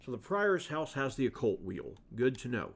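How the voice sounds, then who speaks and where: A man's voice: mid-range voice, big pitch swings, moderate pace, a little hiss or hum. A man casually talking to himself while playing a video game. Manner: casual, muttering asides to himself. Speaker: game streamer. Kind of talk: let's play commentary.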